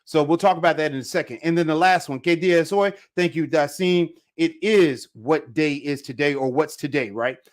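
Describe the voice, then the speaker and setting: A man's voice: a little high, a little fast, hardly any pauses. A man teaching a live online language lesson, upbeat and talking straight to viewers in the chat, often saying "all right". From Jamaica. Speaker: Spanish teacher.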